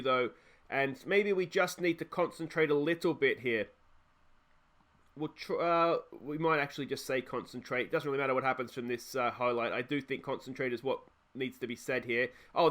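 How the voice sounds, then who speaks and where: A young man with an Australian accent, hosting a let's play and giving chatty, excitable live commentary on a football management game, often talking to his players. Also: medium pitch, normal speed.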